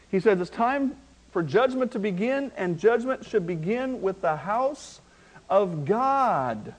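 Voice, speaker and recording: A male pastor preaching a sermon, slowing down to stress key words and swinging between hushed asides and loud, rising emphasis. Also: high-pitched, lively intonation, poor audio. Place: church.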